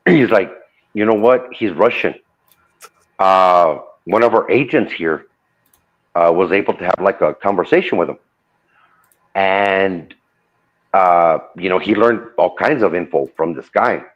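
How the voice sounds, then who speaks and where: A man's voice: lowish voice, lively intonation, measured pace, pauses often. A man casually retelling a true ghost story, relaying the dialogue with lots of "I go" and "he goes.". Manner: loose retelling full of "I go" and "he goes". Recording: dull lo-fi audio.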